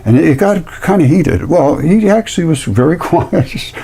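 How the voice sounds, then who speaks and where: A man's voice: fairly high pitch, moderate pace, vocal fry, breathy edge. A man talking indignantly in a casual vlog while showing specimens, repeating himself as he tells the story. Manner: indignant, repetitive, animated storytelling. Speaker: amateur fossil presenter.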